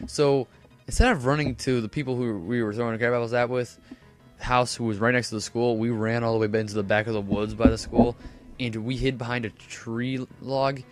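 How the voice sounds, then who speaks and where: A man's voice: mid-range voice, fairly even intonation, fairly quick, faint music behind. A teenage boy casually telling a rambling story over gameplay commentary, full of fillers and self-corrections. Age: teens. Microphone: desk microphone.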